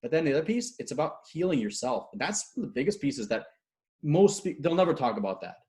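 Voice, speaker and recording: A man speaking as a guest coach in a casual video-call interview, energetic and acting out quotes as he tells stories. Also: fairly high pitch. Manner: fast, energetic storyteller, acts out quotes. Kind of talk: animated casual interview talk.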